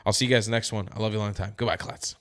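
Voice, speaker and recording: A man's voice: fairly low pitch, fairly even intonation, very fast, a bit bright. A man giving heated, emphatic news commentary straight to his viewers, tired and yawning. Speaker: commentary vlogger.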